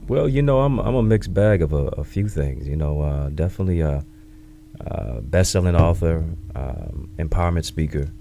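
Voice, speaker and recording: Guest author, male, 30s, very low dark voice, measured and quotable, light hum behind. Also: lively intonation, vocal fry. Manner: reflective, measured, fond of catchy sayings. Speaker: author and speaker, interview guest. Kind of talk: conversational interview storytelling.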